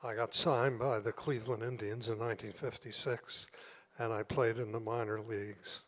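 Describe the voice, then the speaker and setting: A man's voice: mid-range voice, fairly even intonation, normal speed, a bit bright. An older man, the guest's father, plainly recounting his past. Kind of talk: telling his life story.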